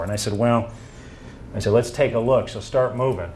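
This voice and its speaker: A man giving a presentation to an audience, telling stories and acting out quoted dialogue in an animated way. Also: fairly low pitch, fairly quick, slight background noise.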